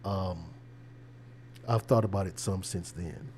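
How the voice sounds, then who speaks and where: A man's voice: low-pitched, fairly even intonation, slow, darkish tone, slight background noise. A man who is a preacher, hosting a casual livestream with conversational, preachy commentary and a habit of repeating words. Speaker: preacher and show host.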